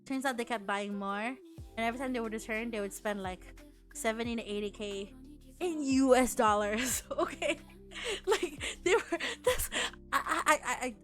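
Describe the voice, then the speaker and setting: A woman's voice: a little high, a bit bright. A young woman streaming as a VTuber, chatting casually, swearing a lot and laughing often.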